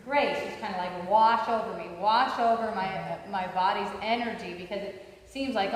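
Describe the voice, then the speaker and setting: A woman's voice: medium pitch, moderate pace, few pauses. A woman giving a casual spiritual talk full of anecdotes. She rambles, with frequent fillers and restarts, and laughs often between points. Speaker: spiritual teacher. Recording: echoey hall with long reverb.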